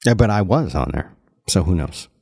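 A man hosting a podcast, chatting casually in an animated way and often restarting his sentences. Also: low voice, normal speed, slightly rough, no room sound, studio quality. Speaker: podcast host.

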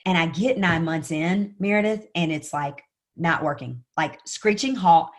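A woman guest on a podcast, telling a personal story in an earnest, animated way and often addressing the host by name. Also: low-pitched, measured pace. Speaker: podcast guest, sales coach.

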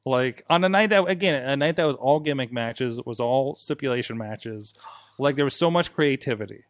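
A man's voice: medium pitch, fairly quick, no room sound. Man recounting matches with laughs, dry studio. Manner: animated storyteller, laughs while recounting. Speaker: podcast host. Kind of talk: casual chat.

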